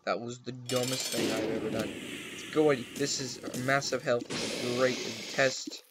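A man's voice: medium pitch, level tone, moderate pace, over loud music. A young man casually commenting on the video game he is playing, chatty and goofy, talking to his pets at home. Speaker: gaming channel host. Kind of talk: casual let's play commentary. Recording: noisy home recording.

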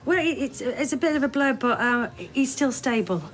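A woman's voice: high-pitched, expressive, moderate pace, soft background music. A woman in a television soap drama, speaking in an earnest way.

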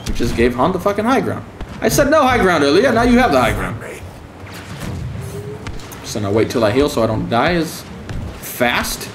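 A man's voice: fairly high pitch, big pitch swings, moderate pace, long pauses, echoey room, over music. A man giving profane, sarcastic commentary while streaming a game, taunting opponents with mock-scared calls. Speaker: gaming streamer.

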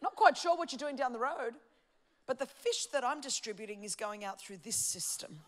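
Woman voicing a relaxed, easygoing Jesus. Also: fairly high pitch, normal speed, close to an everyday voice. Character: calm, easygoing Jesus, adult man.

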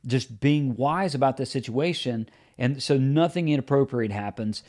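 Man, podcast host, earnest, plain-spoken, practical advice, middle pitch. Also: normal speed, a little mellow. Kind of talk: solo podcast teaching.

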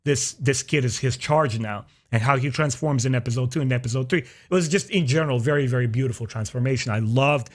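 A man's voice: mid-range voice, fast, few pauses. Reflective man hosting a podcast. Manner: reflective, poses long questions. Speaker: podcast host. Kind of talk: casual podcast chat.

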